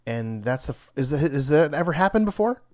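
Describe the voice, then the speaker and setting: A man's voice: a little high, big pitch swings, a little fast, a little mellow. A man co-hosting a casual podcast chat, reacting with enthusiasm and shock to comic book events.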